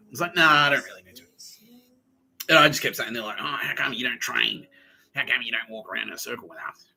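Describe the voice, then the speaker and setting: A man's voice: mid-range voice, fast, gravelly, pauses often, sharp tone, slight background noise, poor audio. A man hosting a podcast, telling a rambling comic story, often laughing and acting out the voices of people in it. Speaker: podcast host. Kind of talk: rambling comedic monologue.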